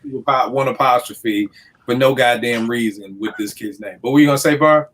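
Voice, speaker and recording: A man in casual podcast talk, telling stories in a lively way and acting out the people he quotes. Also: medium pitch, fairly quick. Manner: animated storyteller, acts out quotes.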